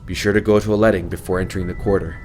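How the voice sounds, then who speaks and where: A man's voice: fairly even intonation, darkish tone, slightly rough, faint music behind. A man reading a firm, weary woman captain. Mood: measured. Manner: low, measured commands.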